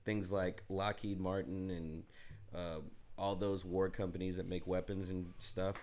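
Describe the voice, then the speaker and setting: A man's voice: sits low, level tone, unhurried, darkish tone. A man co-hosting a podcast in a casual chat, rambling and slangy, with many hesitations. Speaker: podcast co-host.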